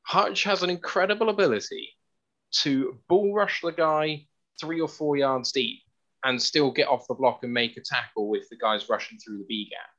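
A man's voice: medium pitch, normal speed, sharp tone, lo-fi sound. A man co-hosting a sports podcast, explaining his analysis in careful detail. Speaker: podcast co-host.

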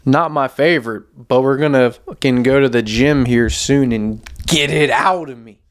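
A man's voice: mid-range voice, moderate pace, clear, resonant tone. A young man ranting alone on his podcast, profane and rambling, often losing his train of thought. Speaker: podcast host and open-mic comedian. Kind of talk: solo podcast rant.

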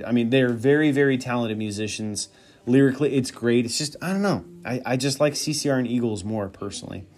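A man's voice: mid-range voice, darkish tone. Male solo podcast host; loose, rambling, profane, thinks aloud. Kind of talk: casual solo chat.

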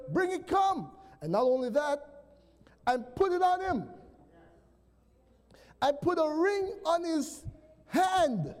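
Male pastor, high mellow voice, animated sermon delivery, long church reverb. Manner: animated preaching, calls to the congregation. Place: church sanctuary.

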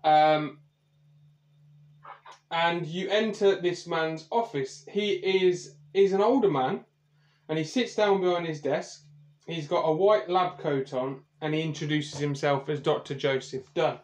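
A man's voice: on the high side, unhurried. A man running a tabletop game as game master, narrating the scene in a rambling way with lots of hesitation.

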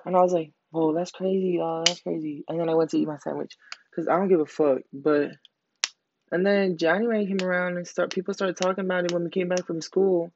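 A late-teen podcast host tells stories in a casual, rambling monologue packed with slang and heavy swearing. The voice is mid-range and steady, and the pace is quick. The recording is dull and lo-fi, with a noisy background.

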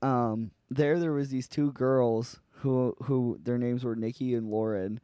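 A man's voice: medium pitch, fairly even intonation, a little slow, dark tone, smooth, dry recording, clean studio sound. A young man co-hosting a podcast, telling a long story in a rambling, profane way with lots of fillers. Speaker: podcast co-host. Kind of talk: casual storytelling chat.

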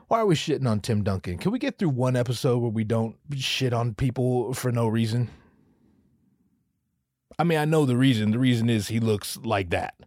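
A man's voice: mid-range voice, darkish tone, dry recording, studio quality. A man in his thirties hosting a casual solo podcast, riffing and joking with lots of swearing and self-interruptions. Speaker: podcast host.

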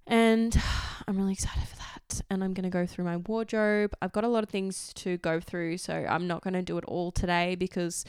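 A young Australian woman chats in a loose, rambling, personal way, dropping the odd swear word and laughing easily. Her voice is very smooth and resonant, and it sits close and dry with no room sound around it. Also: lowish voice, flat delivery, moderate pace, darkish tone, no room sound. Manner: rambling, candid, swears freely, laughs often. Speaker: vlogger. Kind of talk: casual personal chat.

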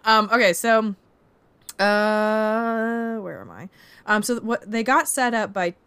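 A woman co-hosting a casual movie-review chat, retelling scenes in an animated way with lots of filler words. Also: mid-range voice, takes it slowly, clear, resonant tone. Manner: animated retelling with acted-out quotes; many "like" fillers. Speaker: podcast co-host reviewing a movie.

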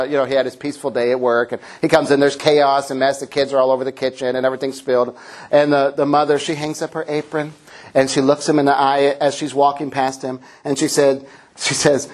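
A middle-aged man preaching a humorous sermon in a church, playful, sometimes acting out a child's shouts. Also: a little high. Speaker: pastor.

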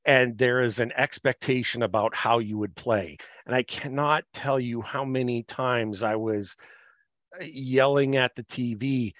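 A man hosting a podcast, chatting about sports in a measured way and thinking aloud with fillers. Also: medium pitch, fairly even intonation, a bit bright, no room sound. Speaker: podcast host. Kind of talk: casual sports chat. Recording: slightly muffled, dry.

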